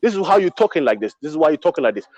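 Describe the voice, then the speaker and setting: A man's voice: on the high side, sing-song, racing, a little mellow, no echo, muffled recording. Heated man pressing his questions. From Somaliland. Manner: insistent, repeats his questions. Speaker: panelist on a live call-in stream. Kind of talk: heated debate.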